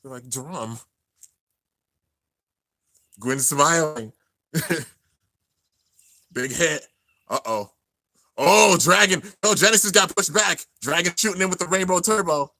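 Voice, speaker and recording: Young male host, bright tense voice, excitedly calling on-screen action, dry close mic. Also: a little high, a little slow, pauses often, dry recording. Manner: excited, narrating on-screen action, drops to near-tears murmurs. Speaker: anime reaction host. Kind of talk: live reaction commentary.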